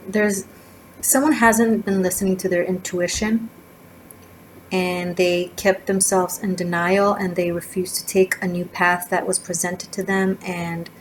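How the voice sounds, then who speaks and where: Woman doing a tarot reading, talks kinda low, rambles a lot, faint street noise outside. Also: low-quality recording. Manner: chatty, digressive, rambling with fillers. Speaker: tarot reader. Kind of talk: casual tarot reading monologue. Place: indoors by a street. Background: faint sirens and motorcycle noise from outside.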